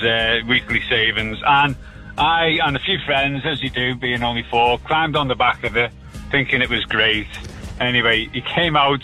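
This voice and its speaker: A man's voice: mid-range voice, sharp tone, low-quality recording. A middle-aged man calling in to a radio show and telling a story in a plain, matter-of-fact way. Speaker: caller.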